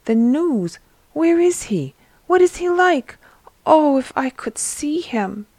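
A woman's voice: medium pitch, animated, measured pace, darkish tone, no echo. A woman voicing a sick, poor, bedridden shepherd man in a read-aloud story, speaking plaintively. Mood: eager.

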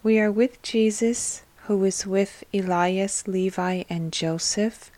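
Woman, devotional reading, gentle, measured, slow, dry close sound. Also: mid-range voice, no echo. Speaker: host and reader.

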